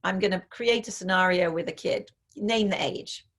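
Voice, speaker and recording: A woman's voice: lowish voice, normal speed, a bit bright. A woman author being interviewed over a video call, thoughtfully explaining parenting ideas through examples, with frequent fillers. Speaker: author and parenting expert guest.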